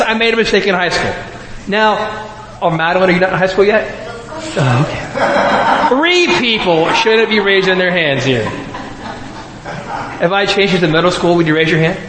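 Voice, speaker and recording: A man's voice: high-pitched, noisy background. Man preaching with humor in an echoey hall. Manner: humorous, storytelling, addresses the audience directly. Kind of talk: conversational sermon. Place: large hall with a live audience. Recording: echoey hall, faint ambience.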